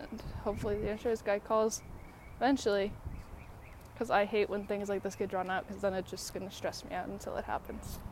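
A woman's voice: medium pitch, flat delivery, brisk, slight background noise. Breathless woman rambling on a walk. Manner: rambling, filler-heavy, frequent laughs. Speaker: vlogger. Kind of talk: casual rambling talk to camera while walking. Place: outdoors on a walk, birds about.

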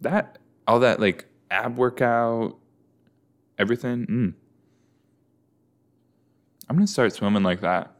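A man's voice: mid-range voice, slow pace, long pauses. A man chatting casually and joking as he reacts to a show, with many fillers. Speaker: reaction video host.

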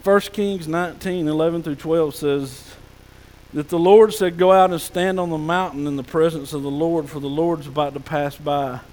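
A male pastor preaching a folksy sermon, sometimes dropping to a soft hush. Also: on the high side, steady tone, moderate pace, big-room sound, poor audio. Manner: folksy preaching, drops to soft hushed tones for God's whispers. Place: church sanctuary.

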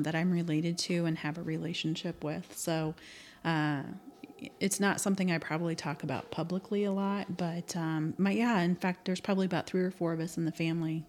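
A woman from the American Midwest talks as a podcast guest. Her voice sits slightly low. She tells personal stories thoughtfully, pausing often and filling the gaps with hesitations. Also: darkish tone. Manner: thoughtful, hesitant with many fillers. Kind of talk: casual storytelling interview.

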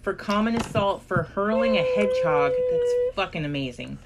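A woman's voice: mid-range voice, huge pitch swings, moderate pace, heavy background noise. Swearing, sarcastic young woman podcaster. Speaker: podcast co-host. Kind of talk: casual chat.

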